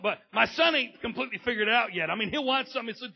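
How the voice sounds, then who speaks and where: A man preaching a sermon with a gravelly, husky voice, swinging from low talk up to loud shouting. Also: quick pace, few pauses, lo-fi sound. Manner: builds from low talk to loud shouting, acts out family members. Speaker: pastor.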